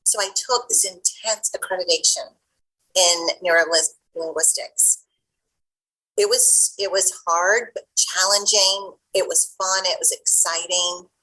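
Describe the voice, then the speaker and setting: A middle-aged woman, a guest coach, telling a personal story in an interview in an animated way, acting out the voices of the people in it. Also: lowish voice, takes it slowly, poor audio. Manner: animated, acts out the voices of people in her stories.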